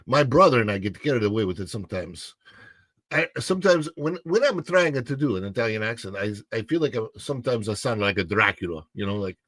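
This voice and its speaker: A man's voice: medium pitch, sing-song, moderate pace, a bit bright, no echo. A man in his fifties hosting a casual livestream, rambling and self-deprecating, with frequent fillers and restarts. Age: 50s. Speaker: livestream host.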